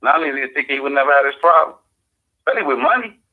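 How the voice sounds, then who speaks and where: A man's voice: medium pitch, lively intonation, very fast. A man in casual radio talk, speaking in a loose, profane street manner. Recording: phone-like lo-fi audio.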